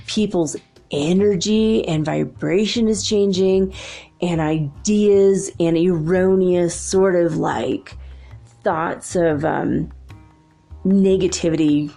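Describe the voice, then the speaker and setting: A woman's voice: lowish voice, creaky, dark tone. A woman and mother talking in a casual, rambling spiritual monologue, laughing often as she shares stories. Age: adult with children. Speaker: spiritual channel host.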